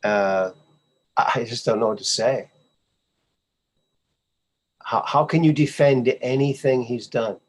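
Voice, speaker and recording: A man's voice: mid-range voice, slow pace, long pauses. A male podcast host giving casual commentary on memes, sarcastic and scoffing, often repeating his phrases.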